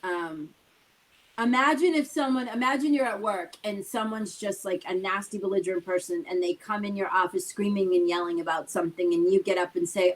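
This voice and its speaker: A woman's voice: medium pitch, fairly quick, low-quality recording. A woman co-hosting a talk show who explains her points conversationally and drives them home with rhetorical questions. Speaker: co-host. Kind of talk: casual motivational talk.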